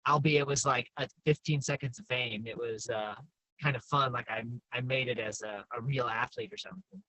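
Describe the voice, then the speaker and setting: A man's voice: mid-range voice, fairly quick, bright, forceful tone, no room sound, rough recording. A man in his fifties chatting casually as an interview guest, telling stories in a chatty, self-deprecating way. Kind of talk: casual chat.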